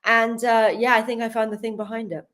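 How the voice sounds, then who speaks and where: A woman's voice: a little high, fairly quick. A woman, a healer guest on a podcast, telling stories in casual chat with frequent laughs and acted-out dialogue. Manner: animated, laughs often, acts out quoted dialogue.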